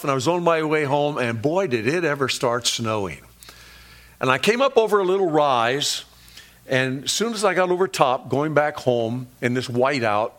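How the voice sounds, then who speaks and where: A pastor preaching a sermon, telling stories and slowing down to stress key words and scripture. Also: male voice, medium pitch, a bit bright. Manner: storytelling, slows down for emphasis on key words.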